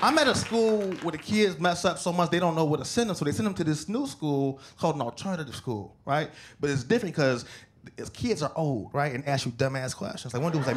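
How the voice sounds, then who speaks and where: A man doing a stand-up set on a club stage, telling stories with animated acted-out voices into a handheld mic. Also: on the high side, fast. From Chicago. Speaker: stand-up comedian. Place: comedy club stage before a live audience. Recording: live club recording with crowd and noise. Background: audience laughter.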